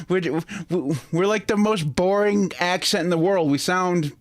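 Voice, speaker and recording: A man's voice: sits high, slow. A man from Michigan with a Michigan accent, co-hosting a podcast in a casual chat, swearing lightly and laughing often. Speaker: podcast co-host.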